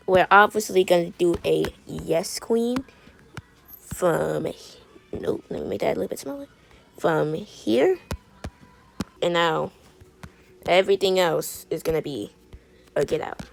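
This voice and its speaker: A woman with a low, gravelly voice and plenty of vocal fry, chatting casually as she colors. She rambles and sounds sassy, tripping over her words and starting sentences again. A faint hiss sits under her voice. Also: moderate pace, pauses often. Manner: rambling and sassy, with frequent stumbles and restarts. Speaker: video creator. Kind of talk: chatty commentary while coloring.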